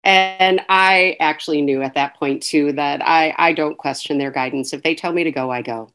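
A woman's voice: sits low, normal speed, fairly bright tone. A woman, an author and guest, telling her story in a casual interview, acting out dialogue and laughing between phrases.

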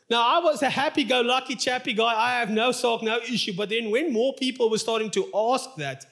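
A man's voice: sits high, fairly bright tone. A male pastor preaching a sermon in a church, telling a personal story in an open, emotional, confessional way.

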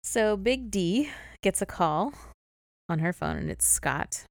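A woman's voice: mid-range voice, wildly swooping pitch, takes it slowly, gravelly, no echo, clean studio sound. A young woman co-hosting a podcast, chatting casually and giggling often as she recaps an episode. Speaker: podcast co-host.

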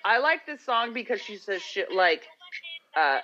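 A woman co-hosting a casual podcast chat, playful and quick to laugh, swinging between loud and quiet. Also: mid-range voice, sing-song. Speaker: podcast co-host. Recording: dull lo-fi sound.

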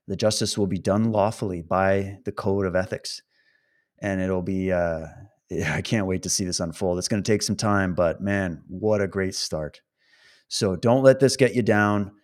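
A man delivering an impassioned monologue to viewers, laughing often and switching between mocking and solemn tones. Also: low voice. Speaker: protest supporter addressing viewers.

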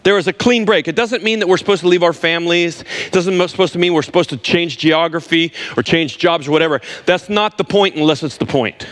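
A man's voice: on the high side, a little fast, hardly any pauses, fairly bright tone. A man preaching a sermon, emphatic and repeating words for stress while he talks straight to his listeners.

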